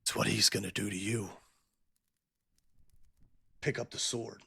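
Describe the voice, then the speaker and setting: A cruel demonic father who speaks in slow, cold, menacing commands. A man acts him out as game master. It sounds like a tabletop role-playing session. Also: lowish voice, fairly even intonation, creaky, sharp tone, slightly rough, exaggerated voice.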